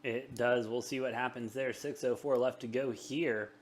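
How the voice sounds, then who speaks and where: A young man hosts a live sports betting stream, calling plays quickly and bantering between them. His voice sits at an ordinary middle pitch, energetic and chatty. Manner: rapid, energetic play-by-play with self-deprecating banter. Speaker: sports betting show host. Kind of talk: live sports commentary and chat.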